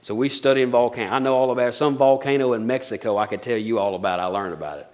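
A middle-aged pastor delivers a sermon at a middle pitch. He preaches emphatically, repeating his phrases, then drops into soft, intimate tones. His delivery is folksy and conversational. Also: fast talker.

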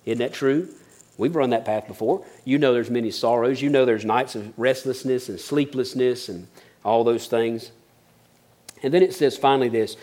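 A middle-aged pastor preaches a sermon, blending folksy storytelling with earnest emphasis that builds. His voice is mid-range and darkish, at a moderate pace.

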